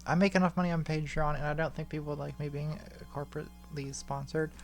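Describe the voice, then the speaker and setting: A woman answering patron questions on a casual live stream in a candid, offhand way, reading questions aloud, speaking into a boom mic at home. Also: little pitch movement, fast talker, faint music behind. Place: home room with smart lighting.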